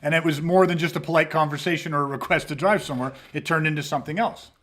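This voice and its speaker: A man with a high-pitched voice hosts a self-defense podcast in casual talk. He speaks bluntly and emphatically, swears freely, and acts out scenarios as he explains. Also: steady tone, fast, a bit bright, a little hiss or hum.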